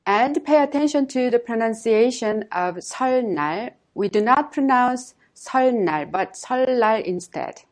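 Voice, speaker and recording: A woman teaching a language lesson, giving dates and modelling each pronunciation slowly and carefully. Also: fairly high pitch.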